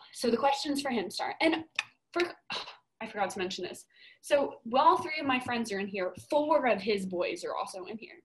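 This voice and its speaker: Young woman, podcast co-host, slightly high voice, casual storytelling, emphatic, profane. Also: animated, moderate pace, slight background noise, low-quality recording.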